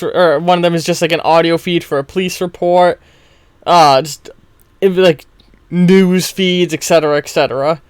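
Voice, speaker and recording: A man's voice: fairly high pitch, clear, resonant tone, no echo, clean studio sound. Stumbling, self-mocking male game master. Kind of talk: narrating a role-play story.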